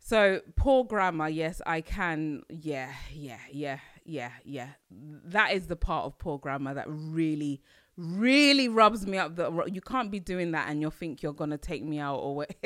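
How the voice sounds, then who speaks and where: A woman's voice: low voice, animated, a little slow, a bit bright, dry recording, clean studio sound. A middle-aged woman with an East London Cockney accent, talking casually to camera in an emphatic way and laughing often. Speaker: vlogger.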